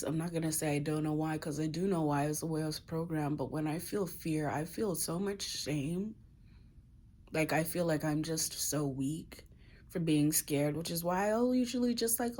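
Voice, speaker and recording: Candid low-voiced woman vlogging. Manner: candid, emotional, swears casually. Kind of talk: confessional personal vlog.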